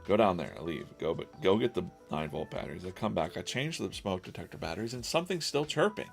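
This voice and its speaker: A man's voice: deep voice, sing-song, fast, gravelly, soft background music. A man streaming live while drawing comics, chatting casually and rambling, with lots of laughs and silly quoted voices.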